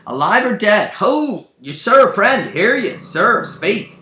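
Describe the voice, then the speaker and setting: A man doing a young noble posing as a loud rustic peasant, high-pitched and urgent, in a roomy room. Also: big pitch swings, takes it slowly, full character voice. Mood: urgent, exclaiming. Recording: roomy room, faint background hum.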